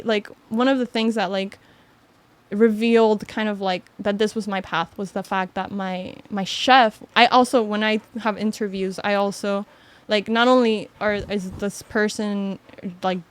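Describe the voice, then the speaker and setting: A woman's voice: medium pitch, clean tone. A young woman from Miami, a podcast guest, telling a story in casual chat, full of "like" and laughs. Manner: animated storytelling with lots of "like" and laughter.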